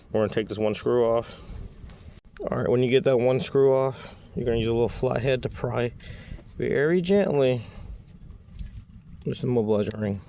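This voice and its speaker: Locksmith demo voice: man, gravelly and mellow, folksy, unhurried how-to talk. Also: fairly low pitch, a little hiss or hum. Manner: relaxed, folksy step-by-step instructions. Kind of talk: casual repair tutorial.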